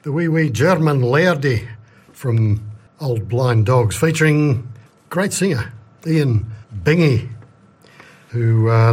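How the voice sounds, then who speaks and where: A man's voice: medium pitch, slightly rough. A man hosting a radio music show, casually introducing songs and thinking aloud as he goes. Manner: relaxed, thinks aloud, unsure asides. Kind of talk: casual back-announcing between songs.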